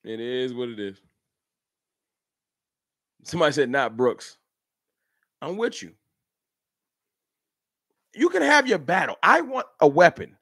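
A man hosting a casual fan livestream, talking in an animated, slangy way and answering his chat by name. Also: fairly high pitch, slow pace, long pauses, slightly rough, no echo, studio quality. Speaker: livestream host. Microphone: streaming setup.

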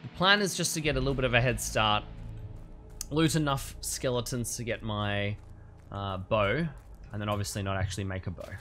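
A man's voice: on the low side, moderate pace, bright, forceful tone, soft background music. A man streaming a game, giving cheeky, scheming commentary with chuckling asides. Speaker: streamer playing a social deduction game. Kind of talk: gameplay commentary.

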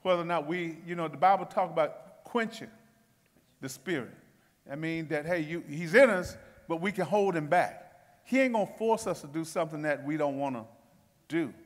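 Pastor, male, high voice, folksy and lively, church reverb. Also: normal speed. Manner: folksy, animated teaching. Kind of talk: Bible study discussion. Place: church sanctuary.

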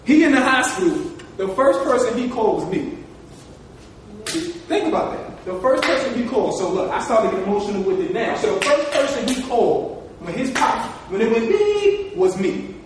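Brief: high-pitched man from New Jersey, motivational speaker, heard from across an echoey hall. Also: sing-song, brisk, recorded from a distance, background noise. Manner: emotional, repetitive, storytelling. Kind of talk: live talk to an audience.

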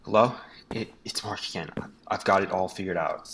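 A man's voice: low-pitched, fairly even intonation, normal speed, a bit bright, slight background noise, pitched below the performer's own voice, rough recording. A man voicing a frightened, secretive friend in a horror game, giving urgent, insistent warnings. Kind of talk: reading a horror game character's lines.

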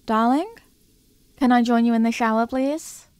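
A woman voicing a clingy, possessive young girlfriend in a whispered role-play, soft and doting. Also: mid-range voice, a little slow, creaky, dry recording. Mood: eager.

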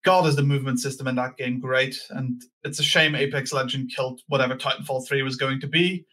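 A man's voice: mid-range voice, fairly even intonation, a little fast, sharp tone. A man co-hosting a casual podcast, easygoing and joking, laughing readily. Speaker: podcast co-host.

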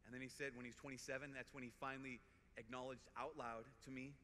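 A man with a Minnesota accent, a priest giving an earnest, conversational talk to a live audience, telling personal stories with quick restarts and repeated words. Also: medium pitch, little pitch movement, bright, forceful tone. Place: large conference hall. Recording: reverberant hall, faint background noise.

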